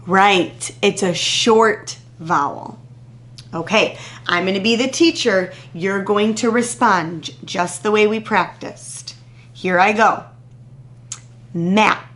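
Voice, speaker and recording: Woman teacher, very slow deliberate pace, crisp sounding-out, patient encouraging praise. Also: medium pitch, a bit bright. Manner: patient, drawn-out, encouraging praise after pauses. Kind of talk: slow, deliberate phonics lesson to young children.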